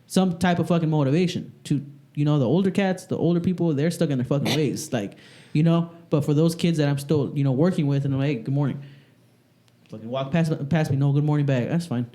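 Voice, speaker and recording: A man speaking quickly and colourfully on a podcast, his speech packed with curses and acted-out exchanges. His voice sits a bit high for a man but has a mellow, dark colour. He sounds like someone who works with kids at a school and is swapping stories with friends. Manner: profane, animated storytelling. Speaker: podcast co-host; school staff working with kids. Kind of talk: casual chat.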